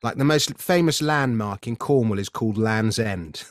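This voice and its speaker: A man's voice: on the low side, moderate pace, dry recording, studio quality. Middle-aged Englishman telling a story. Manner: earnest, vivid storyteller with frequent self-corrections. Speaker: podcast guest, creator of a stage show. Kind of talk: conversational storytelling interview.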